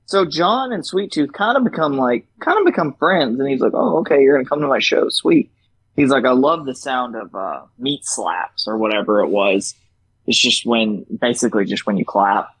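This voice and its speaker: A man's voice: medium pitch, normal speed, husky, poor audio. A young man co-hosting a casual podcast, recapping a TV episode with lots of swearing and acted-out lines. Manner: animated, profane, acts out scenes with laughter. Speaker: podcast co-host.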